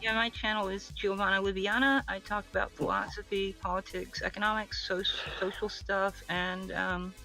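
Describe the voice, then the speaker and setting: A woman's voice: medium pitch, flat delivery, normal speed, few pauses, pushed and bright, faint music behind, poor audio. A woman guest streamer on a casual podcast, chatty and storytelling.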